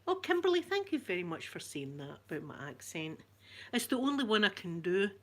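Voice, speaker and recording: A woman's voice: mid-range voice, very animated, a little fast, fairly bright tone. A woman with a broad Glaswegian accent, hosting a casual live-stream chat, greeting viewers by name and laughing often. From Scotland. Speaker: ASMR channel host.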